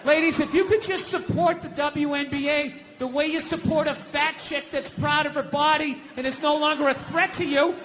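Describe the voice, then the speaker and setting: A man doing a stand-up comedy set, ranting with sarcastic mock voices and shouting. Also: very high-pitched, fairly even intonation, moderate pace, hardly any pauses, background noise. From United States.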